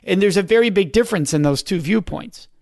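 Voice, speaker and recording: High-voiced male host, dry close sound. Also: expressive, vocal fry, darkish tone, no room sound. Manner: enthusiastic, affirming, quick follow-up questions. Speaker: podcast host. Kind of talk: interview talk.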